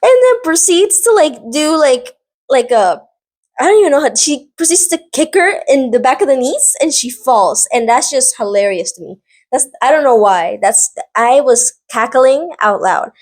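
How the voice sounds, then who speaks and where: A woman vlogger casually recapping a drama series, animated and rambling, filling her talk with "like" and side notes. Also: high-pitched, moderate pace. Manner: animated, rambling, heavy use of "like".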